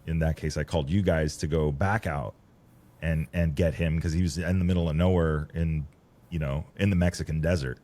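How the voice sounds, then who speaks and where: A man's voice: extremely low pitch, steady tone, normal speed, warm tone. A man hosting a podcast, chatting casually and thinking aloud as he goes. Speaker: podcast host. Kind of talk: casual conversation.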